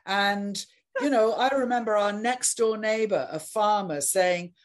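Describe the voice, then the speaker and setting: An older woman chatting casually, reminiscing slowly and deliberately, sometimes searching for words. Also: medium pitch. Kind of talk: casual chat.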